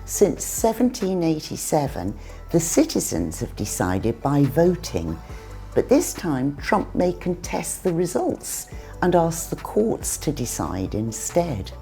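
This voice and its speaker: A woman hosting an English lesson, clearly explaining words and their meanings in a teacherly way. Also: low-pitched, huge pitch swings, slow, dark tone, faint music behind. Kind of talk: scripted lesson dialogue.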